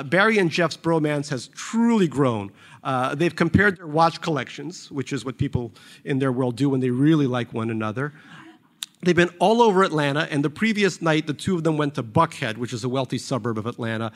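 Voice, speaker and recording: A man's voice: medium pitch, a little fast. A man reading from his novel in a dry, wry storytelling manner. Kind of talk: audiobook-style literary reading.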